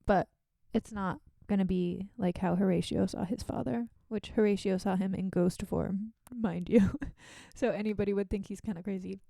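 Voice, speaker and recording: A woman's voice: medium pitch, fairly even intonation, normal speed, vocal fry, hardly any pauses, dark tone, no room sound. A young woman who is sick, rambling chattily with giggly asides while streaming a casual reading. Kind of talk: casual live-stream reading with side commentary.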